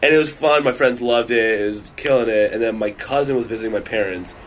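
A man's voice: medium pitch, fast talker, slight background noise. A man guesting on a podcast, talking casually with many fillers and restarts. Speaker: guest comedian.

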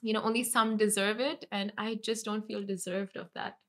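A woman's voice: medium pitch, flat delivery, normal speed. A young adult woman co-hosting a casual morning podcast, playful and giggly. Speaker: podcast co-host. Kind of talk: casual morning show chat.

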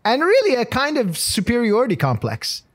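A man's voice: extremely high pitch, wildly swooping pitch, moderate pace. A man co-hosting a podcast in casual comedic banter, gushing and playfully teasing, often stumbling over his words. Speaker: podcast co-host.

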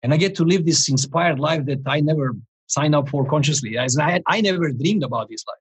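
Male life coach, 40s, interview guest; slightly high, husky voice; animated, restart-heavy storytelling. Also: a little fast, low-quality recording. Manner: animated, rambling, frequent restarts and chuckles.

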